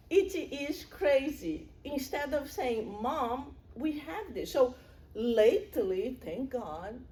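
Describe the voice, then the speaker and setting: Slow-speaking woman giving a spiritual lecture. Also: sits high, lively intonation, warm tone. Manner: earnest and conversational, with personal anecdotes.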